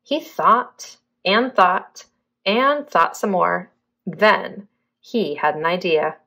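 A woman's voice: fairly low pitch, expressive, slow pace, pushed and bright. A young adult woman, a preschool teacher, reading a picture book aloud expressively and asking young children questions.

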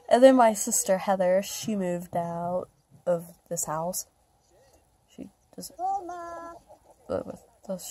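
A woman talks through her life-sim game at an unhurried pace, in a low, mellow voice. Her talk is chatty and rambling, with light self-mocking asides, like a casual gameplay vlogger. A slight fry roughens the ends of her words.

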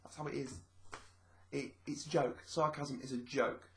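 A vlogger speaks casually to the camera, rambling a bit, repeating his phrases as he explains things and acting out quoted speech. His mid-range voice has little pitch movement, a normal speed and a fairly bright tone, with slight background noise.

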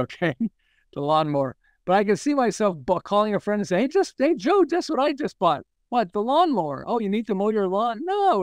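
A man with a high, clear, smooth voice, speaking as a podcast guest. He tells his stories with energy, acts out the voices of the people in them, and laughs as he goes. The recording is dry, with no room sound. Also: no echo. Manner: animated storyteller, acts out quoted dialogue, laughs often. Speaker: marketing expert guest. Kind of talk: podcast interview storytelling.

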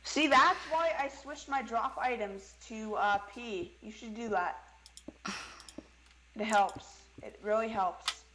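A woman's voice: a little high, slow pace, a bit bright, slight background noise, low-quality recording. A woman chatting casually while playing a game with a friend, teasing him playfully. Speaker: co-player. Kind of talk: casual gaming chat.

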